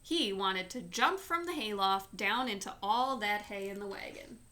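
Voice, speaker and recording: A woman reading a children's chapter book aloud in a slow, clear storytelling manner. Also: mid-range voice, sharp tone.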